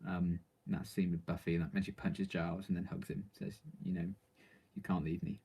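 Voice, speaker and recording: Low-voiced man chatting on a live stream. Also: flat delivery, moderate pace, dark tone, breathy edge. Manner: rambling, with many ums and likes. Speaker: vlogger reading viewer questions. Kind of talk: casual live-stream chat.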